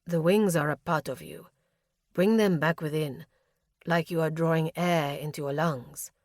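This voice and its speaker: A woman's voice: deep voice, a little slow, no echo, studio quality. A woman reading an audiobook voices a stern male warrior who gives clipped, urgent commands. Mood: commanding.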